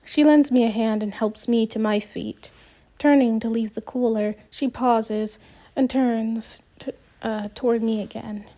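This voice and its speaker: Woman narrator, first-person audiobook, slow, mellow, slightly high voice, gentle reading. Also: steady tone.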